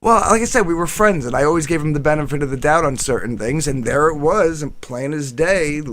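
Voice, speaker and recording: A man's voice: lively intonation, fairly quick, fairly bright tone, no room sound. Rambling profane man telling a story. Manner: rambling, profane, quotes others in lowered voices. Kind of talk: casual storytelling on a stream.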